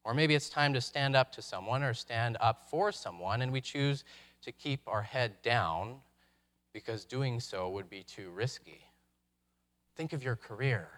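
A man's voice: medium pitch, fairly bright tone. Reflective male pastor preaching. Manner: reflective, with dramatic pauses and rhetorical questions. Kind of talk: sermon.

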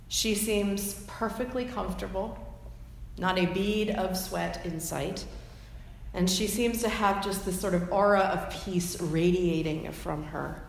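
A woman preaching a sermon, retelling a story with imaginative detail and gentle asides. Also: medium pitch, slight background noise. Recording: echoey hall with faint ambience.

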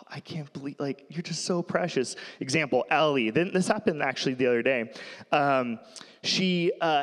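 A man's voice: medium pitch, fairly bright tone. A man in his thirties giving a sermon, telling family stories in a casual, rambling way and laughing often. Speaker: pastor. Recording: long hall reverb.

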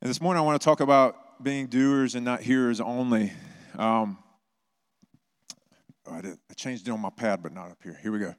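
A middle-aged man pastor giving a conversational sermon, telling personal stories with animated bursts. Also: mid-range voice, normal speed, pauses often.

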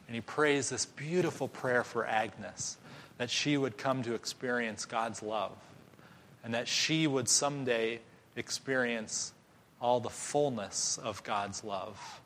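A man preaching a sermon, telling a story with animated voices for each character. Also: medium pitch, takes it slowly, a little hiss or hum. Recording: long hall reverb.

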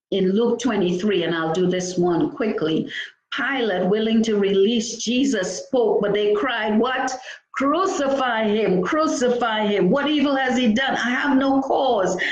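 A woman's voice: medium pitch, reverberant, rough recording. A woman preaching a sermon, reading scripture aloud and breaking in with exclamations between verses.

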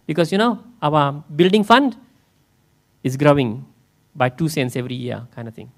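In a church setting, a man in the pastor's role gives a conversational sermon, often questioning his audience. His voice is on the high side, at a normal speed.

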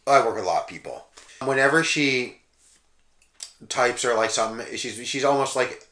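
A man's voice: medium pitch, moderate pace, fairly bright tone. A man cohosting a podcast in casual chat, rambling and joking and slipping into silly voices, recorded in an echoey room. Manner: rambling, jokey, slips into voices.

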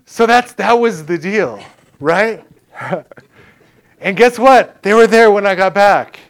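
A man's voice: high-pitched, lively intonation, slow pace. Man giving a chatty sermon testimony. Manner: casual storytelling, laughs often. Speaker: preacher.

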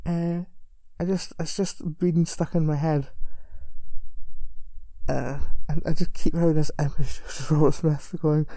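A woman's voice: low-pitched, steady tone, measured pace, warm tone, no echo. A woman telling a story in casual chat, rambling and self-deprecating with frequent chuckles. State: recovering alcoholic.

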